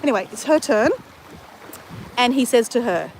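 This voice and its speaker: Blunt woman vlogger, slightly high voice, swears freely, faint hum behind. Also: animated, normal speed, low-quality recording. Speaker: travel vlogger. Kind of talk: casual chat to camera.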